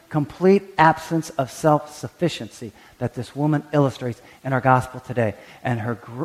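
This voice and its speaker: Animated male pastor preaching in a reverberant church. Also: mid-range voice. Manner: animated, acts out quoted prayers and voices; frequent stammered restarts. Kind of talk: sermon.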